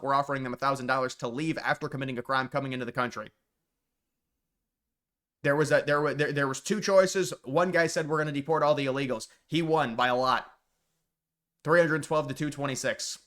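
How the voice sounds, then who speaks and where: A man's voice: a little high, steady tone, fast, a bit bright. Rambling man giving political commentary. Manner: rambling, repetitive restarts, sarcastic asides. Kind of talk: casual political commentary monologue.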